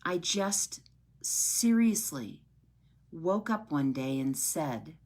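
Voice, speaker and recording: A woman's voice: low voice, animated, extremely slow, a little mellow. A woman sharing her personal story with her followers in an earnest, heartfelt way, often checking in with "right?".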